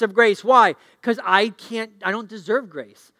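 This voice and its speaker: High-voiced middle-aged man preaching. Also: fairly even intonation, a little slow. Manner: call-and-response questions to the congregation, swinging from loud to hushed. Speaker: pastor. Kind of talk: sermon. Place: church sanctuary.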